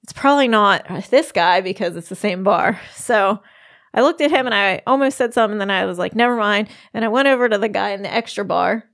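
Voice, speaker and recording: A woman's voice: mid-range voice, fairly quick, a bit bright, no room sound, clean studio sound. A middle-aged woman telling a travel story in casual chat, giggling often as she talks. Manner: giggly, laughs often while telling stories. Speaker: podcast co-host.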